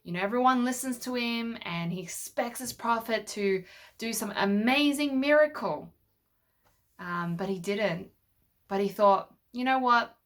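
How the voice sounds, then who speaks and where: A woman's voice: mid-range voice, a little slow. A woman telling a Bible story to children with toy figures, patiently asking them questions as she goes. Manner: patient, asks the listener questions.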